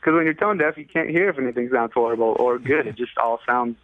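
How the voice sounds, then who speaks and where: A man's voice: mid-range voice, fast, dry recording. A man from California, a musician guest, telling a story in a rambling, casual way with lots of fillers, acting out what others said in a raised voice. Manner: rambling, many fillers, acts out quoted people in a raised voice. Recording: tinny phone-like line, dry.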